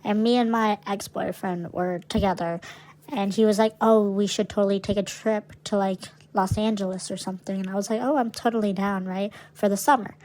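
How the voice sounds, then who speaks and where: A woman's voice: medium pitch, steady tone, a little fast, darkish tone, rough recording. A young woman co-hosting a casual podcast. She tells her stories brashly, swearing freely and leaning into the drama. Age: young adult. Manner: brash, profane, dramatic storyteller. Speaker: podcast co-host. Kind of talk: casual storytelling chat.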